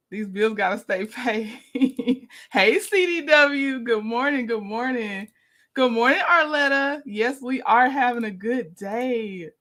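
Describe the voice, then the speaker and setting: A slightly high-pitched woman hosts a relaxed livestream. She chats easily, breaks into laughter often, and greets her viewers one by one. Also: takes it slowly. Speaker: livestream host. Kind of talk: casual livestream commentary.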